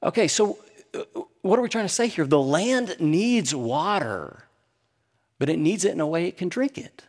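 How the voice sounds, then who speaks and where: A middle-aged man preaching a sermon, swinging between animated emphasis and hushed, quiet moments. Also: a little high, moderate pace. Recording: long hall reverb.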